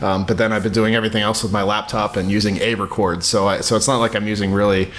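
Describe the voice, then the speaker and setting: A man co-hosting a podcast talks in a fast, chatty rush. His sentences often trip and restart. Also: lowish voice, little pitch movement, a bit bright, slight background noise. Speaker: podcast co-host. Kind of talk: casual chat.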